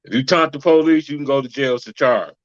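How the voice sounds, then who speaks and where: A man's voice: medium pitch, fast, highs cut off, background noise. A man co-hosting a podcast in casual, profane chat, ending many lines with "man.". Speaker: podcast co-host.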